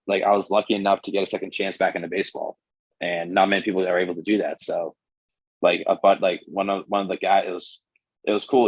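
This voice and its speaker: A young man in his twenties, a guest pitcher, telling stories casually and animatedly with lots of "like". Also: breathy edge, no room sound, poor audio. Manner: animated, fills speech with "like". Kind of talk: casual storytelling.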